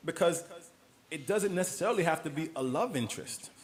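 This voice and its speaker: Relaxed man from New York. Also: on the high side, brisk. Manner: relaxed, storytelling, laughs easily. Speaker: guest. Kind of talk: casual interview conversation.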